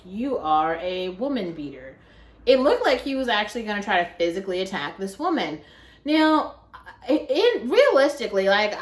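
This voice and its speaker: Young woman vlogging, rambling story, lots of "like", roomy echo. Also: medium pitch. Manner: chatty, heavy use of "like", animated. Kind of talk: casual storytelling. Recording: echoey room.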